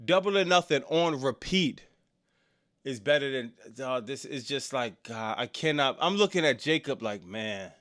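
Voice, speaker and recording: A man with a clean-toned voice runs a live stream reacting to wrestling and reads chat messages aloud. Loud, excited bursts give way to low, irritated mutters, and his casual slang often tags lines with "bro" or "dog".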